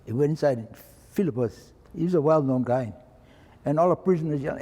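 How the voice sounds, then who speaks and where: Older man in his eighties, Hawaiian Pidgin lilt, mellow and a bit raspy, plain-spoken storyteller with long room reverb. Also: fairly high pitch, brisk. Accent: Hawaiian Pidgin-tinged English. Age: 80s. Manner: plain-spoken, acts out quoted voices. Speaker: retired fire chief. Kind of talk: oral-history storytelling.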